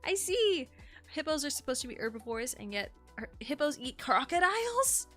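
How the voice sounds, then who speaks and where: A young woman streaming, who reads entries aloud calmly and breaks into shocked, swearing exclamations. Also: high-pitched, brisk, soft background music. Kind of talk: live-stream reaction and reading aloud.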